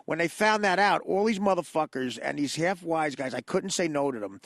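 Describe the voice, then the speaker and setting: A man telling animated stories in a casual podcast chat. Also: a little high, no echo, clean studio sound. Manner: fast, animated storyteller doing character voices. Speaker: comedian guest.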